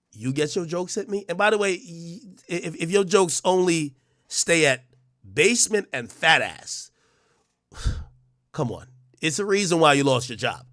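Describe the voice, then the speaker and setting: A brash man with a bright, forceful, fairly high voice rants a mocking roast, tripping over stammered restarts. The sound is close and dry. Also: dry recording. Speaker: livestream host. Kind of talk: ranting roast monologue.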